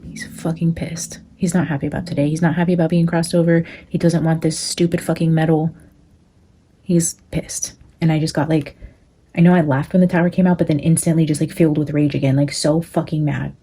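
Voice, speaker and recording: A woman's voice: low-pitched, level tone, brisk, mellow, husky, rough recording. A woman reading tarot cards and channeling a spirit, talking intensely with frequent swearing and filler words. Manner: intense, profane, lots of "like" fillers. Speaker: tarot reader and medium. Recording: music playing under the voice.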